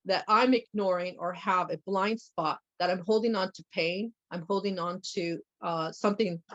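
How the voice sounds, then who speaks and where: A woman in casual conversation, telling a personal story with animated acted-out bits of dialogue. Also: medium pitch. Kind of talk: casual chat. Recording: muffled lo-fi audio.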